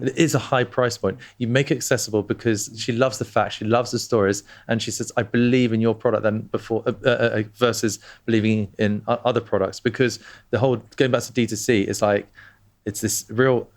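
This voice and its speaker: A man with a low voice talks as a guest in casual conversation. He is enthusiastic and rambles, stumbling and restarting as he chases his point. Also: fairly even intonation, a little fast. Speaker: brand co-founder, guest.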